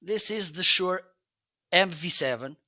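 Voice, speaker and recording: A man hosts a relaxed product review livestream, chatting and often checking in with "okay?". His voice is very bright and forward. It is recorded dry and close on a studio microphone. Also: high-pitched, a little slow, dry recording. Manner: chatty, repeats "okay?", frequent restarts. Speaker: live-stream product reviewer. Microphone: close dynamic studio mic.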